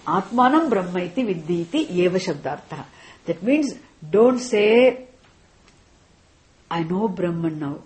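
A woman teaching a class on scripture, speaking deliberately and often checking in with "isn't it?". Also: fairly low pitch, expressive, darkish tone. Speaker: Vedanta teacher.

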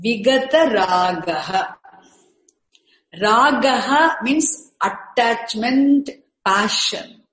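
A woman giving a spiritual lecture, slowly repeating terms and breaking Sanskrit words into parts. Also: fairly high pitch, lively intonation, fairly bright tone, roomy sound, rough recording. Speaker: teacher of Sanskrit scripture. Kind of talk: slow, repetitive spiritual lecture.

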